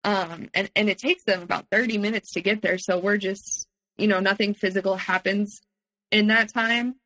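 Bright-voiced woman telling her story candidly. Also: mid-range voice, moderate pace, poor audio. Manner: candid, steady retelling with frequent um fillers. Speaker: podcast guest. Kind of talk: personal testimony in conversation.

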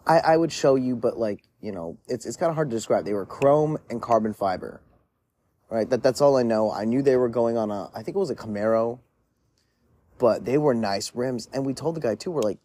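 A man's voice: medium pitch, brisk, mellow, a little hiss or hum. A man telling a story in a casual monologue, rambling with lots of "like" fillers and frequent swearing. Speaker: podcast storyteller.

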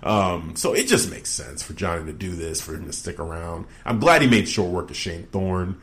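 A man co-hosting a casual podcast chat, talking loosely with lots of fillers and jumping up in pitch when he mocks someone. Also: moderate pace. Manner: animated, mocking retellings with pitch jumps. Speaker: podcast co-host.

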